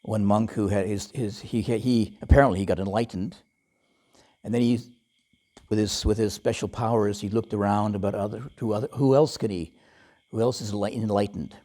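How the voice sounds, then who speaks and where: Man, Buddhist monk, dharma talk, mellow voice, chuckling storyteller, easygoing. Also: fairly low pitch, normal speed. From Western, lived in Thailand as a layman. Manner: relaxed storytelling, chuckles often, many fillers.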